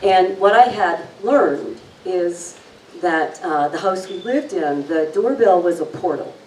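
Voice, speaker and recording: A woman giving a talk, telling a personal story and then leading a guided relaxation in an unhurried, gentle way. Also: on the low side, lively intonation, slight background noise. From lived long in New Zealand. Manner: unhurried, gentle, lingers on words. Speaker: speaker leading an intuition talk. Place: talk in a room with an audience. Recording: echoey room, mic at a distance.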